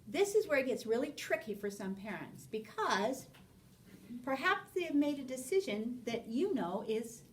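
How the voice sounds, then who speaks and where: A woman teaching a parenting class, lively, acting out short exchanges with children as she explains. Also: high-pitched, far from the mic, rough recording. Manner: animated, acts out little dialogues with children. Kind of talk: spoken class lecture.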